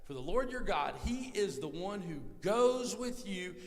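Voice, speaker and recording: A man preaching a live sermon with a gravelly, somewhat high voice that swings widely in pitch and volume. He talks to the congregation in a folksy, direct way. The sound carries a long reverb from a large hall. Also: animated, unhurried. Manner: preaches with sudden swings from hushed to loud.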